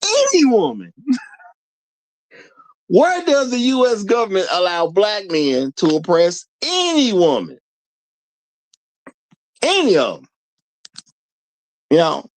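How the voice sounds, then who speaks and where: Lively, laughing male stream host. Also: high voice, takes it slowly, long pauses. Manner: laughs often, repeats lines for emphasis; rhetorical, questions the audience. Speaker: show host. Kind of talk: casual live-stream commentary.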